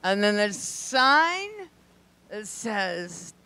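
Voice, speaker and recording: A woman voicing a matter-of-fact male motel desk clerk, with slow, deliberate directions in a low drawl in a stand-up bit. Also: sing-song, pushed and bright, a little hiss or hum, full character voice. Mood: helpful.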